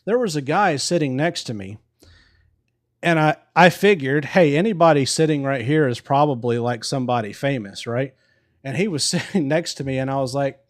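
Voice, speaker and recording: Relaxed male live-stream host, medium voice, chatty storyteller who cusses easily. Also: mid-range voice, normal speed. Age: adult with a wife. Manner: laid-back, swears casually, laughs while telling. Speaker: livestream host. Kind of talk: casual storytelling. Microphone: live stream microphone.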